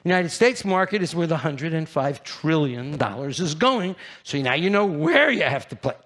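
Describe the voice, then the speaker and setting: A brash man delivers a live conference talk from the stage. His somewhat high voice leaps into loud, high bursts and then drops low again as he keeps throwing questions at the audience. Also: expressive, normal speed. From New York. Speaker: keynote speaker at a trade fair.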